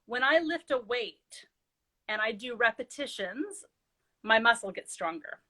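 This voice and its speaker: A woman's voice: fairly high pitch, expressive, a little slow, sharp tone. A middle-aged woman, a parenting expert, explaining earnestly in a live interview and telling stories with quoted dialogue.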